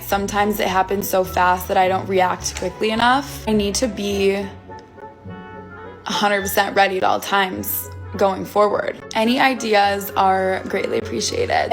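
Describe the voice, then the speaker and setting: A woman's voice: medium pitch, creaky. Chatty woman pleading to viewers. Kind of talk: casual talk to camera.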